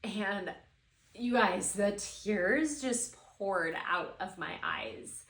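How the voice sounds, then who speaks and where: A woman's voice: mid-range voice, animated, drawn-out words, a bit bright. A woman in her thirties hosting a podcast, telling a personal story in an emotional, heartfelt way with many fillers. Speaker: podcast host. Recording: echoey room.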